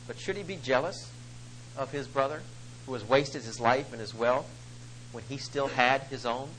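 A male preacher giving an emphatic sermon, swinging between loud stresses and soft asides. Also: medium pitch, normal speed, a little hiss or hum, poor audio.

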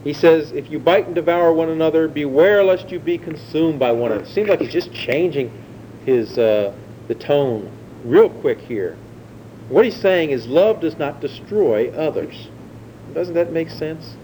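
A preacher delivers his sermon like a conversational lesson, animated and at a measured pace, often putting questions to his listeners. His voice is a bit higher than most men's yet mellow and dark. The recording is rough, with a faint low rumble underneath.

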